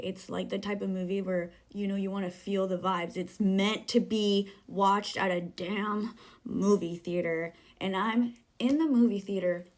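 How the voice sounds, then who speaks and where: A woman's voice: medium pitch, darkish tone. A woman ranting casually to camera, exasperated and profane, now and then dropping into hissed asides.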